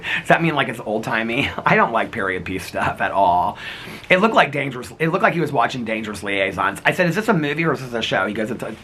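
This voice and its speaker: Chatty middle-aged man, bright lively voice. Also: mid-range voice, a little hiss or hum. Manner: chatty, rambling, laughs often. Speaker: vlogger. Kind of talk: casual chat.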